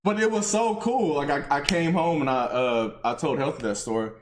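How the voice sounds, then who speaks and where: A man's voice: a little high, moderate pace, a little hiss or hum. A Texan man hosting a podcast, telling a story in casual slang and laughing a lot. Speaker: podcast host. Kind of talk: casual chat. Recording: roomy echo.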